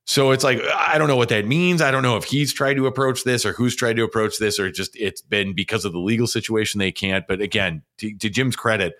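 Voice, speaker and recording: Podcast guy, bright punchy voice, rambly and excited, lotsa ums. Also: fairly low pitch, a little fast, hardly any pauses. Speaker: podcast co-host. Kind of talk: casual chat.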